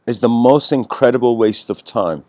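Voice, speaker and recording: A man at an ordinary mid pitch gives a casual spiritual lecture, wandering between ideas with throat clearing and small laughs. The sound is close and dry, with no room around it. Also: normal speed, a little mellow, no echo.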